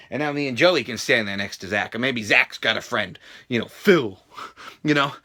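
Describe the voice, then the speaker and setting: A man in his thirties answering viewer questions in a casual vlog, profane and animated with wrestling-style bravado. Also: mid-range voice, normal speed. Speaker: YouTube vlogger.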